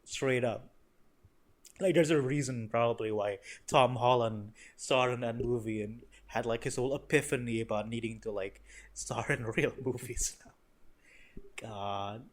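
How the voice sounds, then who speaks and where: A man's voice: medium pitch, fairly even intonation, unhurried. A young man giving a casual, rambling movie review, swearing often and full of fillers and restarts. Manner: rambling, profane, sarcastic, lots of fillers and restarts.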